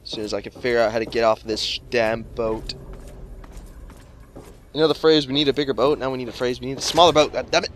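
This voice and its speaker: A man's voice: medium pitch, steady tone, brisk, long pauses. Let's play dude rambling and cussing over his game, mid voice, bit of faint noise. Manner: jokey, profane, rambling. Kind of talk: casual gameplay commentary.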